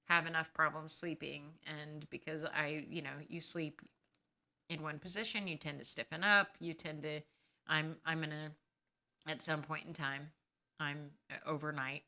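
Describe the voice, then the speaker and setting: A woman's voice: low-pitched, bright, forceful tone. A woman hosting a podcast, talking casually and bluntly about managing chronic pain and giving firm advice. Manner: blunt, advising, grows emphatic and scolding. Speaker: podcast host sharing her experience.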